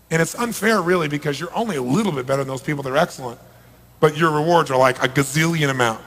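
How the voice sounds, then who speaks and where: A middle-aged man gives a live motivational talk in a high voice. He swings between hushed, intimate lines and loud, emphatic outbursts. A long hall reverb trails every phrase. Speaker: motivational speaker. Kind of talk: live seminar talk to an audience. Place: large event hall.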